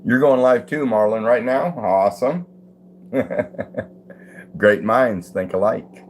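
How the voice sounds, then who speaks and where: A man's voice: lowish voice, moderate pace, a little hiss or hum. Easygoing older man chatting with viewers. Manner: easygoing, greets viewers by name, chuckles. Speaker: livestream host. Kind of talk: casual live chat reading comments. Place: at home, indoors.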